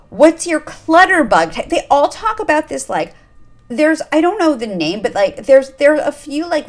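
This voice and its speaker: Woman, podcast host, casual chat, candid, filler-heavy, slightly high voice. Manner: chatty, candid, many fillers and asides. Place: lives in Los Angeles.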